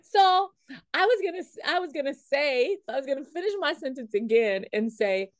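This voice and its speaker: A woman leadership coach and trainer telling a story in a coaching talk. She is animated, acts out what people said and laughs often. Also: high voice, normal speed, no room sound, studio quality.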